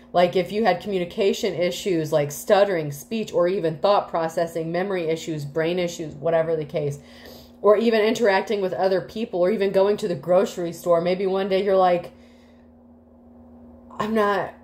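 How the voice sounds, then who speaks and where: A woman's voice: fairly low pitch, a little fast, a little mellow. A woman giving a casual tarot reading to the collective, rambling with many fillers, swearing freely and getting emotional. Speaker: tarot reader.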